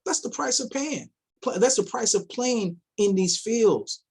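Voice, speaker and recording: A man's voice: sits high, lively intonation, a little slow, gravelly, husky. A man giving casual commentary as an investment vlogger, firing off rhetorical questions, repeating himself and mocking imagined investors in quoted voices.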